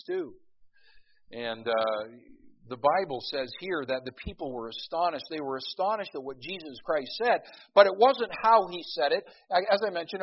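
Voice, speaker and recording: A middle-aged pastor preaching a sermon in a folksy, storytelling way, with many restarts and emphatic peaks. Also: male voice, high-pitched, breathy edge. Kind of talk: sermon with a humorous opening story. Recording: dull lo-fi recording.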